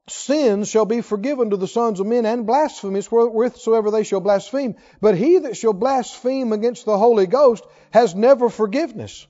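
Fervent high-voiced preacher in a reverberant hall. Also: male voice. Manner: fervent, emphatic, swings from loud to hushed. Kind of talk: sermon. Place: church sanctuary. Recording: lo-fi recording with long hall reverb.

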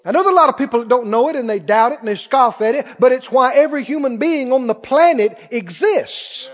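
A man preaching a sermon to a congregation, animated, laughing often and asking them questions. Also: very high-pitched, brisk, muffled recording.

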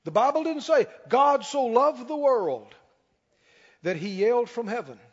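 A man preaching a sermon as pastor, emphatic, slowing down and rising on key lines. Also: very high voice, animated. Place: church sanctuary. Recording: dull sound with long hall reverb.

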